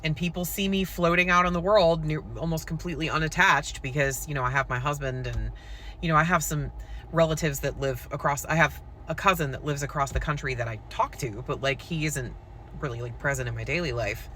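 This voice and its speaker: A content creator and poet, an adult with school-age children, recounts something personal to camera, candid and casual with frequent "like" and "um". Her low-pitched voice is fairly quick and a bit bright. Slight background noise can be heard.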